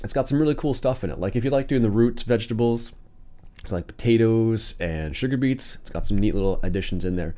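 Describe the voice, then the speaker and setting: A man's voice: lowish voice, brisk, mellow. A young man hosting his own vlog, chatting casually and rambling, with frequent ums and self-corrections. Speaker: vlog host. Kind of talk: casual chat to camera.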